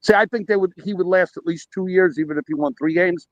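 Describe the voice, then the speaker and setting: A man's voice: high-pitched, fast, no room sound, lo-fi sound. A man calling in by phone from a park, rambling animatedly through a story with quoted dialogue. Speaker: caller. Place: outdoors at a park.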